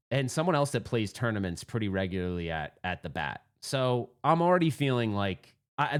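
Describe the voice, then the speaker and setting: A man telling a rambling, excitable story about a pinball tournament, restarting often and working himself up. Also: lowish voice. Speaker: pinball vlogger. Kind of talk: casual storytelling monologue.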